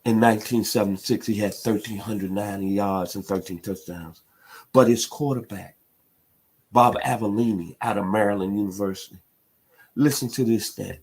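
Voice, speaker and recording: A middle-aged man from Memphis holds forth on sports talk radio. His voice sits on the low side and carries a husky grain. He talks with emphatic passion, pushing his key points into loud peaks. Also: steady tone, normal speed. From Memphis, Tennessee.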